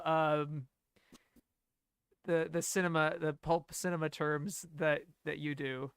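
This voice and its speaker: A stream host talks through a film comparison in a loose, chatty way, full of fillers and little restarts. The voice is smooth and clean, mid-pitched, on a close, dry mic. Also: unhurried, dry recording. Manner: chatty, with fillers and acted-out quotes. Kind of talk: commentary comparing dub and sub.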